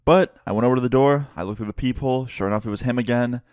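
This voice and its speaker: A young man telling a story in a casual, profane and animated vlog style. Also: medium pitch, rapid-fire, clear, resonant tone, no echo, clean studio sound. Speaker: vlogger and musician.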